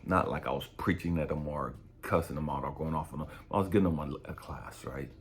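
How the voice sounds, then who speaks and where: A man, a spiritual coach, telling a story in a blunt, profane, animated way. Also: rumbling low, fairly quick. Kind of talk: casual storytelling monologue.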